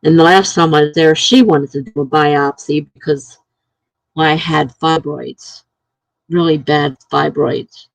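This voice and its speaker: A middle-aged woman chats casually on a live stream from home. She talks slowly, telling stories and acting out the lines other people said. Her voice sits close and dry, with no room sound around it. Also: deep voice, fairly even intonation, gravelly, no echo, low-quality recording. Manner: storytelling, acting out what others said. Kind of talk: casual chat.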